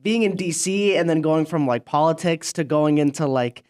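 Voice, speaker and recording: A young man hosting a casual interview with a fairly high voice for a man. He laughs often and talks in a loose, chatty way, full of fillers. His tone stays light and conversational. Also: moderate pace, a little mellow, clean tone. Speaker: podcast host.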